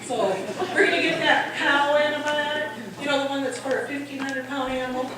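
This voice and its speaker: A middle-aged woman with a high voice tells comic stories with lots of animation, jumping into little voices and laughing along. She is heard from a distance in a very echoey hall with a noticeable room hum behind her. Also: steady tone, brisk, a crowd in the background. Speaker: stand-up comedian. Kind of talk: stand-up storytelling. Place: hall at a holiday party.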